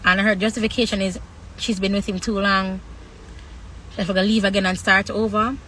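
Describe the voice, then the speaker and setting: A woman talks candidly to her livestream viewers in a bright, sharp voice. She speaks frankly, stopping and restarting, and draws out her words with long pauses. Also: mid-range voice, flat delivery, slight background noise, low-quality recording. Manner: frank, halting, drawn-out pauses. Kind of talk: candid personal talk.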